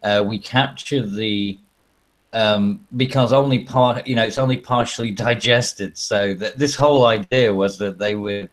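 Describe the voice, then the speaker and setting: A man's voice: on the low side, steady tone, a little slow, low-quality recording. A man hosting a casual livestream, rambling through stories with crude humor, fillers and frequent laughter. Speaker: stream host.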